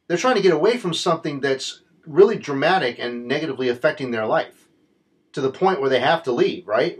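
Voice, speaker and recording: Brief: American male commentator, blunt and impassioned, mid-pitched, repeats points for emphasis. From United States. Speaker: political commentator. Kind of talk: opinion commentary.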